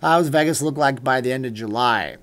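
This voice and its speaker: A man's voice: medium pitch, moderate pace, a bit bright. A middle-aged man hosting a casual livestream, chatting loosely, answering viewer comments, thanking supporters by name and drifting into an earnest pep talk. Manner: rambling, chatty, reads out viewer names and answers chat. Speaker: livestream host.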